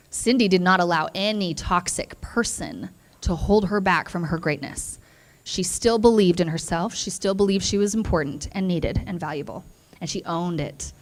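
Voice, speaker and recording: A young woman, a therapist, giving an earnest and emotional motivational speech to students. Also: mid-range voice. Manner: earnest, emotional, addresses listeners as "you guys". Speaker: keynote speaker, therapist.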